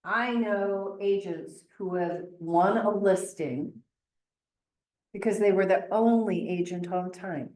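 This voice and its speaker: A woman with a Midwestern American accent teaching a real estate class, telling stories with chatty, animated acted-out quotes. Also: mid-range voice, takes it slowly. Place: training classroom. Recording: echoey room.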